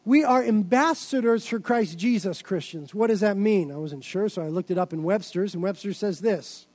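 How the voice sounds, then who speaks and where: A man preaching a sermon as a pastor, with emphatic delivery that builds to excited shouts. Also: high-pitched, normal speed.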